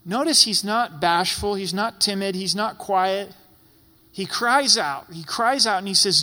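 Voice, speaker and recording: A man's voice: high-pitched, measured pace, pushed and bright. A man preaching a sermon as a pastor, emphatic and repeating phrases for effect. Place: church sanctuary. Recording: long reverb in a large church hall.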